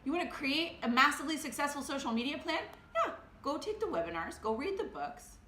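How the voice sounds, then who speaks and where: A high-voiced woman in her thirties delivers a motivational monologue as a podcast host. Her tone is crisp and bright, and she swings between rapid excited bursts and slow, quiet emphasis. The recording carries a noticeable roomy echo. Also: a little hiss or hum. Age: 30s.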